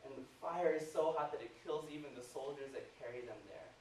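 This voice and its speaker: A man preaching a sermon, retelling a scripture story with animated asides, recorded in a church. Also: medium pitch, a little fast. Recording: echoey church hall, mic at a distance, faint hiss.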